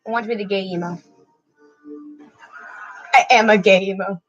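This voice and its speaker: A woman's voice: medium pitch, steady tone, normal speed, dull audio, faint music behind. A young woman in casual chat with a friend, playful and giggly, joking about herself. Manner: playful, giggly, self-mocking.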